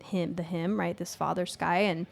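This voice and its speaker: A woman chatting as a podcast guest in an animated, casual way, laughing often, swearing freely and trailing off mid-thought. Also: fairly low pitch, moderate pace, vocal fry.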